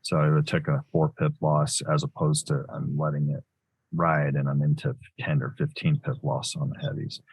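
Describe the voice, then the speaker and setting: A man's voice: a bass voice, level tone, moderate pace, vocal fry, slightly rough, low-quality recording. A man giving live commentary on his trades as he makes them, thinking aloud in a loose way that corrects itself as he goes.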